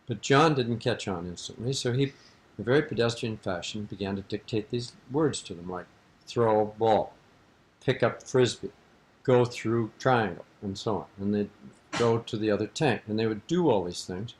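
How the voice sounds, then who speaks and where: Heard on an old tape recording, this interviewee is an older man whose fairly low voice moves at normal speed. His anecdote runs long and meanders, told with amusement and punctuated by laughter.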